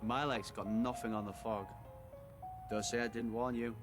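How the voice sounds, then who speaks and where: A man's voice: lowish voice, fairly even intonation, normal speed, soft background music, close to an everyday voice. A man playing a grumpy East Yorkshire fisherman. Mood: grumbling. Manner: blunt, grumbling. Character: gruff male fisherman, grumpy and weathered.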